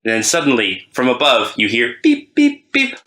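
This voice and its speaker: A man on a podcast, telling a story in a lively, animated way. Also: mid-range voice, normal speed, reverberant. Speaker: podcast player.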